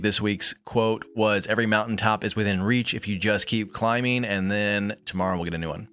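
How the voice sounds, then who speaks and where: Deep-voiced man chatting on a livestream. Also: a bit bright, smooth. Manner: rambling, reflective, chatty with viewers. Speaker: streamer reading a book aloud. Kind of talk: casual livestream chat and book reading. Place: bedroom.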